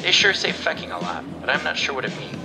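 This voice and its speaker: A man's voice: sing-song, fast talker, gravelly, poor audio. Man making playful mock announcements over music. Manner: playful, swinging pitch. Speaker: announcer for the show intro. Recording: music bed under voice.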